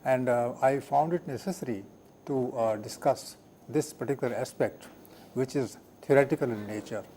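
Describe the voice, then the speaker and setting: An older man giving a live televised lecture as the guest professor, speaking haltingly with many fillers and frequent throat clearing. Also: medium pitch, mellow, a little hiss or hum. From India.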